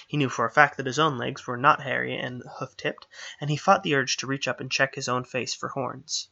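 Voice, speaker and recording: Brief: male narrator, gravelly and bright, steady scripted fantasy reading, dull lo-fi recording. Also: mid-range voice, a little fast. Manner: steady storytelling delivery.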